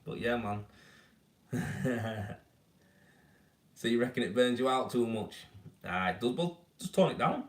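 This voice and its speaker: A man's voice: medium pitch, a little slow, long pauses. A man with a Yorkshire accent, chatting casually and matily to viewers on a live stream about his rendering work. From Yorkshire, England. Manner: laid-back, matey, rambling. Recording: echoey room, mic at a distance.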